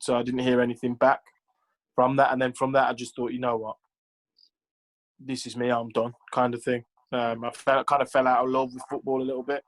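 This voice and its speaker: A former pro footballer, this man speaks in a mid-range voice, casually telling stories as an interview guest. He leans heavily on "like" and "you know" and acts out quotes, and the audio quality is poor.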